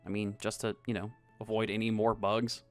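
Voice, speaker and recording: A man's voice: on the low side, level tone, normal speed, faint music behind, lightly acted. A man voicing an earnest, awkward young male tourist in his mid twenties who speaks in a raised, eager voice. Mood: lively.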